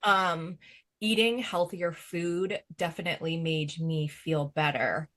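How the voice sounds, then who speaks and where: A woman's voice: low-pitched, fairly even intonation, takes it slowly, fairly bright tone. A woman medium on a podcast panel, chatting casually with lots of fillers and laughter. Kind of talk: casual chat.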